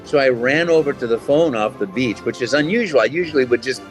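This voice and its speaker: A man's voice: mid-range voice, fast talker, faint music behind. A man, a voice actor, telling stories in a casual interview and acting out the voices. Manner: animated, acts out voices in anecdotes. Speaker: voice actor guest.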